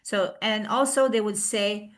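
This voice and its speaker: A woman presenting a recorded online class on a video call, explaining slowly with fillers and restarts. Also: medium pitch, fairly even intonation.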